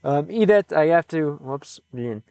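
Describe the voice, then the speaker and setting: A man, a native English speaker, live-streaming in a casual chat, sounding out Russian words slowly and thinking aloud as he thanks viewers. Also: on the high side, expressive, a little mellow, clean tone, no room sound, dull audio.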